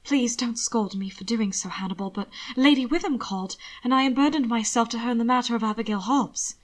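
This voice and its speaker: A woman voicing an earnest young gentleman who speaks gently and sincerely. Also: fairly high pitch, brisk, close to an everyday voice.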